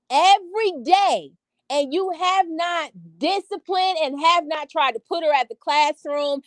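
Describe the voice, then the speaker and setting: A woman holds a casual live stream from home. She speaks in a high voice with a sassy, animated edge, addressing her viewers directly. The sound is dry and close, with no room echo. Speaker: vlogger talking to live chat.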